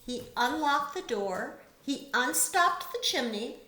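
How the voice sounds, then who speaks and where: A woman teacher reading a picture book aloud to children, expressive and pausing to comment on the pictures. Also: high voice, echoey room, soft background music.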